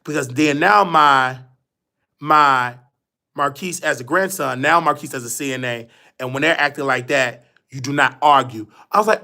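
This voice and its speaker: A man's voice: medium pitch, moderate pace, creaky, sharp tone. A man hosting a live show, telling a rambling, repetitive story in casual chat. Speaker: host. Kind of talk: casual livestream monologue.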